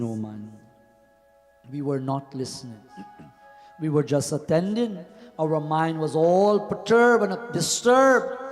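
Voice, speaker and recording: A high-pitched man preaches a devotional sermon as a pandit in a temple hall. He often sinks into a low murmur on repeated refrains. His voice carries a long reverb, with faint music underneath.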